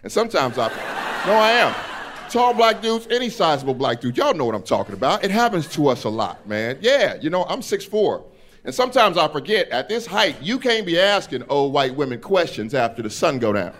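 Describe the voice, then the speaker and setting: A man's voice: on the high side, brisk, background noise. A man performing a stand-up comedy set on a club stage, telling stories animatedly and acting out characters. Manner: animated storytelling, acts out characters in quotes.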